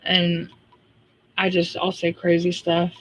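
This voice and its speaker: A woman's voice: lowish voice, monotone, slow, fairly bright tone, a little hiss or hum. A woman hosting a casual livestream, talking bluntly and ranting in an exasperated way, with frequent laughs. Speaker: livestream host.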